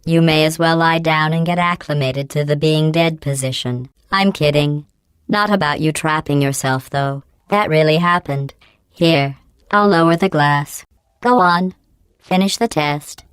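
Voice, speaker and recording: Deadpan female computer AI, low, smooth, calm mockery, dry booth sound. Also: a little slow, no echo. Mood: cold mocking. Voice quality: smooth, synthetic-edged, deadpan. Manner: dry mocking insults delivered calmly. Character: cold sarcastic female AI computer. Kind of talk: video game voice acting. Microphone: clean dry studio recording.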